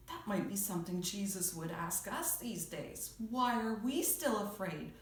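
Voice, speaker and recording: A woman teaching children in church, telling a Bible story in a playful, expressive way, heard in an echoey room from some distance. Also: mid-range voice, takes it slowly.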